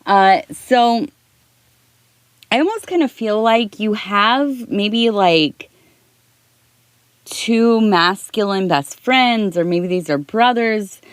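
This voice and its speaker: A middle-aged woman giving a soft-spoken ASMR tea leaf reading, rambling and talking in circles, close to the mic. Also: medium pitch, slow pace, pauses often, smooth, dry recording. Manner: rambling, talks in circles with restarts.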